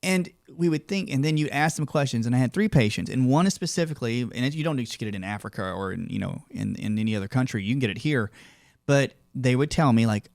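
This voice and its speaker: A man's voice: mid-range voice, lively intonation, quick pace, vocal fry, a little mellow, dry recording, clean studio sound. A man hosting a podcast, a doctor who chats casually and asks long, rambling questions. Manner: rambling questions, frequent affirming backchannels. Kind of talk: casual interview chat.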